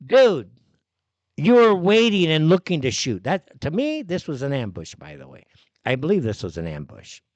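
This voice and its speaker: A male host delivers a heated, profane live rant, sounding exasperated at every turn. His voice sits a little high and leaps around in pitch. The sound is dry and close. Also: wildly swooping pitch, moderate pace, no echo, highs cut off. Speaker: show host. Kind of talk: ranting live commentary.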